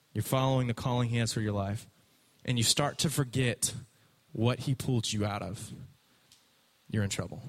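A man preaching a youth sermon in a lively, casual and emphatic way. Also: mid-range voice. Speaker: youth pastor.

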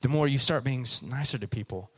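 A preacher from Texas, a man, gives a joking sermon and talks straight to his audience in a playful, animated way. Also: mid-range voice, a little fast, breathy edge.

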